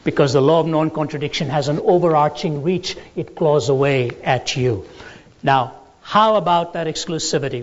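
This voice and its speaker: Guy with a fairly high voice giving a lecture, storytelling vibe, dull lo-fi sound. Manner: deliberate, storytelling delivery. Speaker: Christian apologetics lecturer. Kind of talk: lecture with anecdotes and jokes. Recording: dull lo-fi recording in a large reverberant hall.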